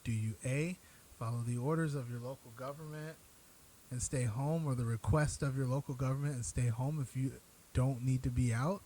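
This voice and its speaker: A man hosts an online show and speaks directly to his audience in a mellow, medium-pitched voice with fairly even intonation and a moderate pace. He comes across as earnest and blunt, and his language turns profane when he gets worked up. This is direct-to-camera commentary on a rough recording with slight background noise.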